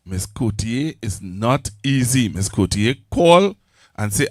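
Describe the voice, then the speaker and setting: A man's voice: medium pitch, very animated, slow pace, long pauses, dry recording, clean studio sound. A Trinidadian man hosting a casual talk show, joking and laughing often as he teases his guest. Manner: jokey, laughs often, teasing. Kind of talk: casual chat.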